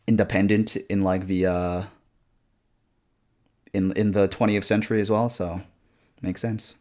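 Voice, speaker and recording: A man's voice: sits low, flat delivery, a little slow, warm tone. A young man streaming a video game and chatting casually with viewers in a loose, slangy way, cursing often and calling people bro. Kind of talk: casual gaming stream chat.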